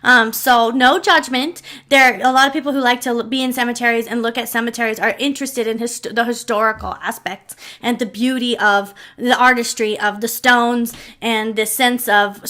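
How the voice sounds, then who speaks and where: Bright chatty woman telling a story. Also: fairly high pitch. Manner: chatty and rambling, many asides and fillers, emotional. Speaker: storyteller and channel host. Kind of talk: casual storytelling vlog.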